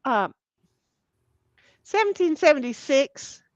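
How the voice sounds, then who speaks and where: A woman's voice: high-pitched, sing-song, takes it slowly, dry recording, highs cut off. A woman hosting a casual livestream, reading viewer comments aloud in a salty, giggly way and swearing freely. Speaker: livestream host.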